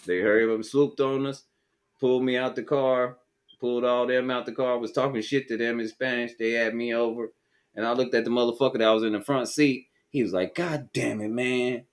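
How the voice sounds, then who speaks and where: A man's voice: medium pitch, fairly even intonation, fairly quick. A man from Texas with a Texan accent, telling a profane, streetwise story in casual chat.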